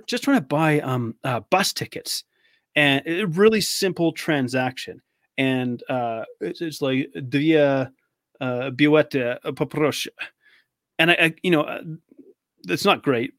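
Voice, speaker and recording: A man's voice: on the high side, no room sound, clean studio sound. A man from Canada telling stories in casual chat as a guest, full of fillers and easy laughs.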